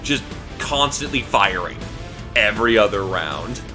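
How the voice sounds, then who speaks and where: A man's voice: lowish voice, expressive, a little slow, music in the background. A male streamer giving casual commentary on a strategy game, rambling and correcting himself with lots of fillers.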